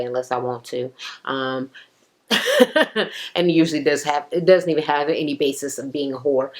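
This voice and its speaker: A woman giving a blunt, profane, casual recap of a reality show, slipping into exaggerated quoted voices. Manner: blunt, sassy, heavy swearing, acts out quotes in raised pitch.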